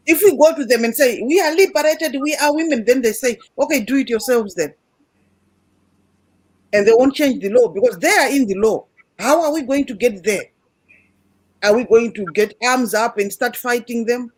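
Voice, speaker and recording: A woman with a husky, breathy voice speaks in an earnest, animated way. She is telling a story on an online panel and acts out the people she quotes. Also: a little high, normal speed. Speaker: panel guest.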